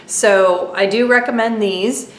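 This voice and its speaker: A woman chatting through a casual product review vlog at home, talking quickly with many fillers and asides. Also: medium pitch, fairly even intonation, roomy sound, a little hiss or hum. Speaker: beauty vlogger.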